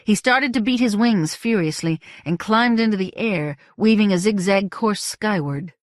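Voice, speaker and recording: A woman reads a fantasy novel aloud in a measured, expressive manner, giving weight to each scene. Her voice sits at a middle pitch. The recording is dry and close. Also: no room sound. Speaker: audiobook narrator. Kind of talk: scripted audiobook narration.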